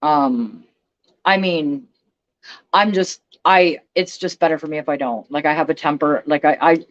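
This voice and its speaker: A woman's voice: low-pitched, measured pace, muffled recording. A woman ranting bluntly on a casual livestream, swearing and speaking emphatically. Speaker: vlogger.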